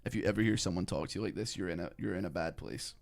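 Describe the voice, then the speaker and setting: A man's voice: deep voice, very fast, gravelly, a little mellow. A man streaming a video game, chatting casually in a rambling way with lots of fillers. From Scotland. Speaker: gaming streamer. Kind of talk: casual gameplay commentary.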